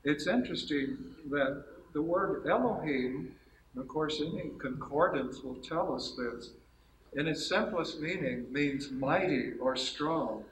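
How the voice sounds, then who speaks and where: A man with a fairly high voice gives an unhurried Bible teaching to a group, going through numbered points in order and correcting himself repeatedly along the way. The audio is poor quality, reverberant, and carries a little hiss or hum.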